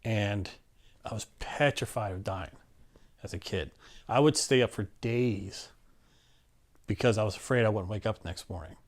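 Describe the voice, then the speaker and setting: A man's voice: fairly low pitch, normal speed, long pauses. A middle-aged man candidly recounting a personal story in an interview, acting out what people said. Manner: candid, plainspoken, acts out quotes.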